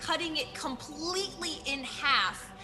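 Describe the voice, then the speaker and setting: A woman's voice: high-pitched, unhurried, pushed and bright, soft background music. A woman narrating as game master of a tabletop game, playful and vivid in her descriptions.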